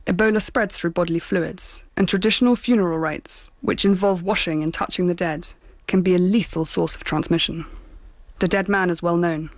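A woman journalist narrating a first-person documentary report in a measured, grave manner. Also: fairly low pitch, no room sound.

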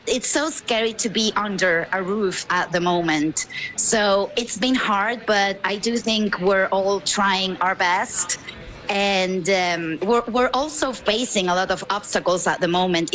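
A woman journalist from Venezuela speaks in a mid-pitched voice. Her answers are steady, measured and reflective, with only a few ums. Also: low-quality recording. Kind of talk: interview answer.

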